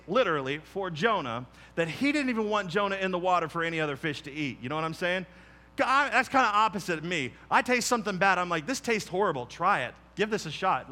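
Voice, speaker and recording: A man preaching a sermon in a conversational, animated way, dropping to quiet emphasis on key points. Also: high voice. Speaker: pastor.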